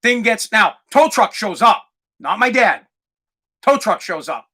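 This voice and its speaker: A man, hosting a podcast and telling a rambling, profane story in a casual, animated way. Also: high-pitched, unhurried. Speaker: podcast host.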